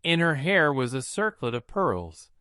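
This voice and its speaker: Expressive male storybook narrator. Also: a little high, a little slow, smooth, no echo, clean studio sound. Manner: expressive, lilting delivery.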